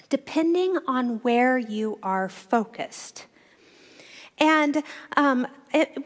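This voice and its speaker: A woman minister giving a reflective Sunday sermon that unfolds as a story. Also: sits high. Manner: reflective, storytelling, with slowed phrases.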